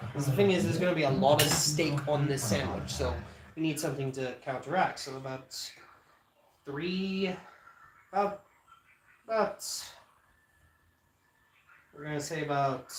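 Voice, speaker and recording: A man's voice: fairly high pitch, roomy sound, very noisy. A man cooking in his home kitchen on a livestream, rambling casually and answering viewers' comments as he works. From South Africa. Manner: rambling and chatty, talks back to viewers' comments. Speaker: cooking streamer answering chat.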